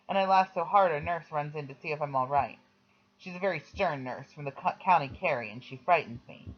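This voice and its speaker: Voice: medium pitch, expressive, fairly quick. A reader narrating a memoir audiobook in a plain storytelling manner. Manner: plain storytelling, quoting voices. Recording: slightly dull lo-fi recording.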